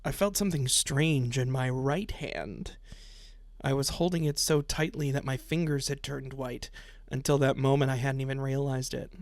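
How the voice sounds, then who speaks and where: A man's voice: medium pitch, fairly even intonation, unhurried, no echo. A man streaming a visual novel, reading its text aloud and breaking off into sarcastic, profane commentary with frequent laughs. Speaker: let's play streamer.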